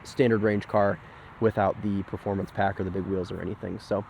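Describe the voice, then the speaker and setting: A man's voice: lowish voice, little pitch movement, brisk, gravelly, muffled recording, slight background noise. A man with a sick voice, giving a casual, enthusiastic point-of-view car review from in and around a car. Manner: enthusiastic, chatty with frequent "like" fillers.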